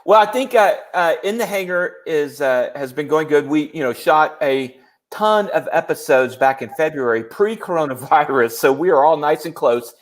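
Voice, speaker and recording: A man's voice: on the high side, expressive, moderate pace. A man on a video call, chatting casually, teasing the host and rambling with fillers. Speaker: guest YouTuber. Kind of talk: casual chat.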